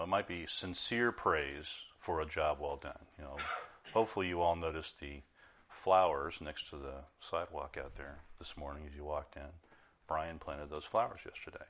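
A deep-voiced middle-aged man preaching to a congregation in a relaxed, conversational way. He stumbles through restarts and fillers, then leans hard on key words with a burst of volume. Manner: informal, many restarts and fillers, rises in volume for emphasis. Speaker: pastor. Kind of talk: conversational sermon.

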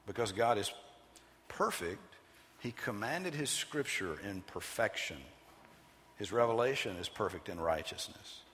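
A man preaching in a church sanctuary, with a slightly low voice that has a bright, forceful edge. He teaches with an emphatic, measured cadence. His words ring on with a long reverb through the large hall. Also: a little hiss or hum. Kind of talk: expository sermon.

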